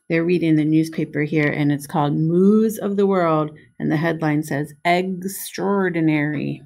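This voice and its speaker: With a low, creaky voice and a measured pace that leaves few pauses, this middle-aged woman, a preschool teacher, gives an expressive, warm reading of a picture book while drawing attention to its illustrations.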